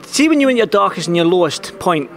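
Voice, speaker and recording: A man with a high, light voice interviews a fighter in a sports interview. He fires off his questions quickly, often stumbling and restarting mid-sentence before getting to the point. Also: very animated, fairly bright tone.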